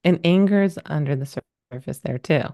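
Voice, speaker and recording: A woman's voice: sits low, fairly quick, creaky, dark tone. A middle-aged woman talking as a podcast guest, telling a personal story candidly, rambling a little with many fillers. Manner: emotional, rambling, lots of fillers.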